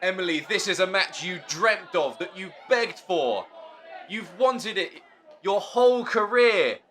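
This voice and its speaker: A man calling a wrestling match play by play, excitable and shouting at the big moves. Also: high-pitched, unhurried, some chatter behind. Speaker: wrestling commentator. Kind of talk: play-by-play commentary.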